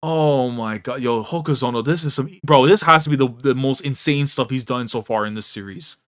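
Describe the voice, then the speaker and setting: A male host reads a manga and responds emotionally, talking a little fast at medium pitch. Excitable and full of slang, he moves between muttered dismay and loud outbursts.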